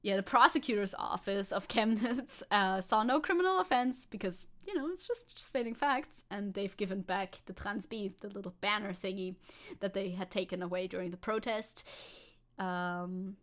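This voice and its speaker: A woman's voice: medium pitch, normal speed, a bit bright. A woman VTuber chatting sarcastically through news on a livestream, laughing often. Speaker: VTuber streamer.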